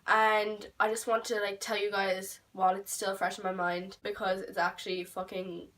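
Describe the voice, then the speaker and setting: A woman's voice: medium pitch, moderate pace, far from the mic, low-quality recording. Chatty teenage Irish girl, set back from the mic. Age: teens. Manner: animated, swearing, lots of "like" fillers. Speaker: beauty vlogger. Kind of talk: casual storytime vlog.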